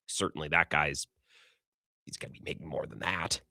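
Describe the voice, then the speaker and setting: A man hosting a sports talk radio show, chatting casually with callers in an animated, rambling way with quick restarts. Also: low-pitched, no echo, studio quality.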